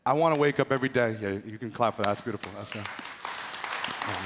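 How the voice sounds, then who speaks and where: A man's voice: on the low side, quick pace, over a noisy crowd, very noisy. A male pastor preaching a sermon in a casual, joking, slangy way. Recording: echoey hall with long reverb.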